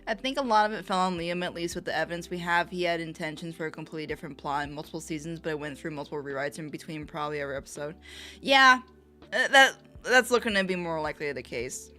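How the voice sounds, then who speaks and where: A woman's voice: sits low, fast talker, faint music behind. A woman livestreamer chatting casually while reacting to videos, laughing often. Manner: giggly, laughs often, animated.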